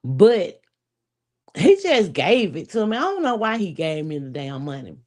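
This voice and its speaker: A woman's voice: on the low side, very animated, unhurried, a little mellow. A woman, telling a story to viewers in a casual, profane, chatty way. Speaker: vlogger.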